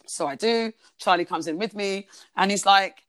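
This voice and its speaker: A woman's voice: mid-range voice, measured pace, fairly bright tone, no room sound. A woman, a podcast guest telling a personal story in a chatty way, full of "like" and "basically".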